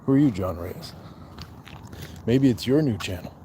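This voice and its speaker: A man's voice: on the low side, animated, normal speed, dark tone, a little hiss or hum. A man hosting a casual livestream. He jokes, greets viewers by name, reads out chat comments and counts his push-ups aloud. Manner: joking, talks to viewers by name. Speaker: livestream host.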